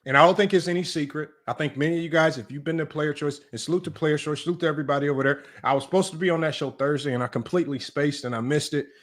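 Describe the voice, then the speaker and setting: A man's voice: on the high side, racing, hardly any pauses, a bit bright. A man hosting a live-stream basketball commentary, talking emphatically and repetitively, often tossing questions to his chat and arguing his point. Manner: emphatic and repetitive, often asks "right?" and addresses "y'all"; argumentative, talks straight to his live chat. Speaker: sports analytics streamer.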